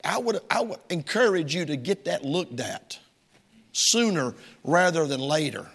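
Gravelly preacher in a reverberant hall. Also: male voice, on the high side, expressive, a little slow. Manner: folksy, emphatic, swings between shouting and hushed. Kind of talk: sermon. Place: church sanctuary.

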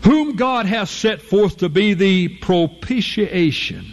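A man preaching a fervent, folksy sermon, leaping to high emphatic peaks and slowing down to draw out key phrases. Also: expressive, slight background noise. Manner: fervent, with sudden jumps to a high emphatic pitch and drawn-out slow phrases; folksy, informal grammar, addresses listeners as folk.

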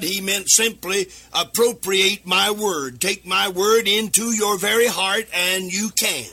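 A man preaching a radio sermon into a microphone, fervent and swinging into sing-song emphasis and sudden shouts. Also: sits high, expressive, unhurried, breathy edge. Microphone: speaking into a microphone.

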